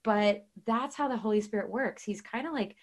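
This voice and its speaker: A woman's voice: fairly high pitch, normal speed. A woman guest and author talking casually about faith, earnest and chatty, with many fillers and restarts. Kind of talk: casual faith talk with storytelling.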